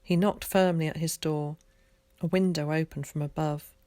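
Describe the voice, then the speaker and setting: A woman teacher reading a children's novel aloud, clear and expressive. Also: low-pitched, moderate pace, no room sound.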